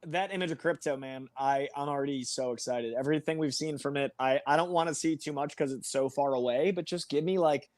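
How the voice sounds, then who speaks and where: Higher-voiced eager man on a panel. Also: brisk, hardly any pauses, a little mellow, no room sound. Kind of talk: casual panel chat.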